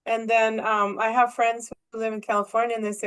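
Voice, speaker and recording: A woman's voice: on the high side, level tone, fairly quick, hardly any pauses, a bit bright, smooth. A woman hosting a casual video call, asking friendly questions and chatting about her own experiences. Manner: friendly, asks questions, gives chatty asides. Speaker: host.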